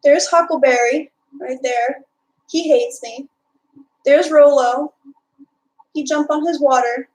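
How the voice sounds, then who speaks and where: Her voice high-pitched and darkish with fairly even intonation, a young Texan woman with a Texan accent takes it slowly and pauses often. She chats casually on a live stream, reading and answering her chat with heavy filler. The rough recording has slight background noise.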